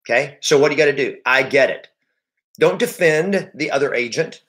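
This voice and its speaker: A man leading a live sales training session, energetic and emphatic, repeating key points and speaking straight to his audience. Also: mid-range voice, fairly quick, slight background noise. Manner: addresses the audience directly. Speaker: real estate sales coach.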